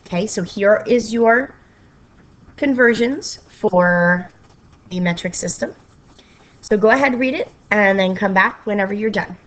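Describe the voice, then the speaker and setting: A woman's voice: medium pitch, measured pace. A woman teacher explaining a math lesson to her students in a patient, step-by-step way, checking in with frequent okays and sometimes slipping into a playful sing-song.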